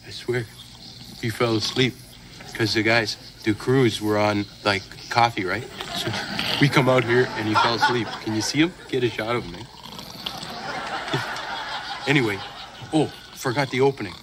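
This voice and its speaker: A man playing a laid-back, goofy Canadian guy with a thick Canadian accent, rambling his way through a sketch show. His voice sits at a middle pitch. The old TV audio has a lot of noise under it. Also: steady tone, moderate pace, long pauses, natural voice. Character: goofy beer-loving Canadian man hosting.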